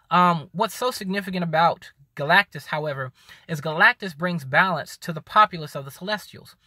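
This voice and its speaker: A man talking casually to camera, rambling and restarting, tired and hiccuping after a workout. His voice is bright and a little higher than most men's. The recording is dry and close. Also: dry recording. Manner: rambling, with many ums and restarts. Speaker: video host.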